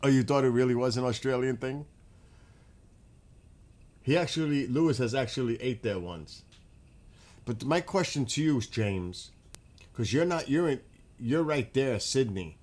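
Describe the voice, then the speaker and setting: A man hosting a casual livestream, chatting with viewers by name and getting excited as he asks them questions. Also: medium pitch, a little slow, pauses often. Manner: chatty, talks to chat by name, gets excited and laughs. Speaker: livestream host.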